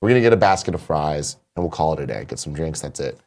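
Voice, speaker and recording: A man's voice: extremely low pitch, animated, fast talker, a little mellow, a little hiss or hum. A man in his thirties hosting a casual morning show, telling stories animatedly and swearing freely. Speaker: show host. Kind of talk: casual chat.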